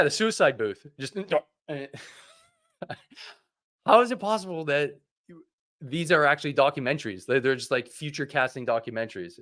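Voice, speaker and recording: Sarcastic man hosting a livestream. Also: mid-range voice. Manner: animated, sarcastic ranting. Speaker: host. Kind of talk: casual livestream chat.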